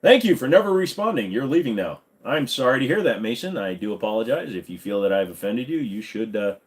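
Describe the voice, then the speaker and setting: A man's voice: on the low side, animated, a little fast. A man hosting a livestream, chatting casually and joking as he answers viewers. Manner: joking, jumps into silly voices. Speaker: livestream host.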